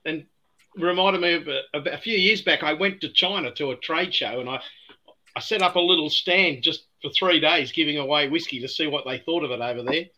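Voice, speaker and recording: A man with an Australian accent, a guest on a casual podcast, telling stories in a relaxed, rambling way over a remote call. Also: on the high side, brisk, low-quality recording. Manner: relaxed, rambling storyteller with a dry chuckle. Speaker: guest distiller.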